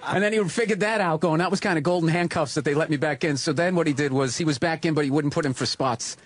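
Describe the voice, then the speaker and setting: A male comedian telling profane, animated stories about fellow comics. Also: a little high, fast. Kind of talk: casual anecdote telling.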